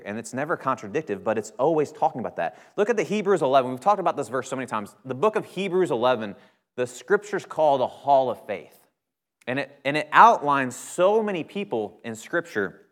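Male minister, casual sermon delivery, stresses key words, chatty asides, long hall reverb. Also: medium pitch. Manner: conversational preaching, emphatic stressed words, frequent "right?".

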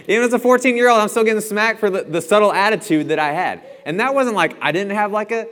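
A man's voice: sits high, fast talker, hardly any pauses, fairly bright tone, a little hiss or hum. A young man giving a casual, storytelling sermon in a church, chatty and self-deprecating and chuckling often. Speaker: church speaker. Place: church auditorium. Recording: long hall reverb.

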